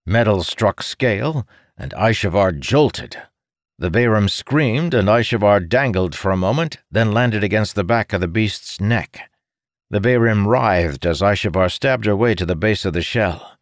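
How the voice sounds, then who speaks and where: A man reading a fantasy story aloud in scripted, measured narration. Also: fairly low pitch, lively intonation, dry recording, studio quality. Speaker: audiobook narrator.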